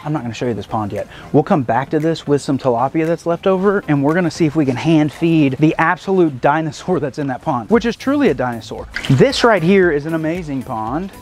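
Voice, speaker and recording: A man hosting a casual vlog outdoors on a farm, chatty and excitable, talking to the animals and the camera. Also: a little high, brisk, few pauses, faint music behind. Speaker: vlog host. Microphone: handheld action camera.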